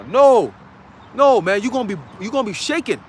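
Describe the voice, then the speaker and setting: A man's voice: sits high, big pitch swings, quick pace, a little hiss or hum. A man preaching a dramatic, slangy sermon outdoors in a city, often checking in with his listeners. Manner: emphatic, checks in with "okay?". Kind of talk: street sermon.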